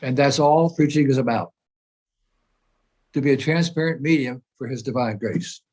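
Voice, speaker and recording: A man's voice: medium pitch, moderate pace, darkish tone. A man speaking as a spiritual teacher in an informal discussion, earnest and explanatory, often repeating phrases as he searches for words.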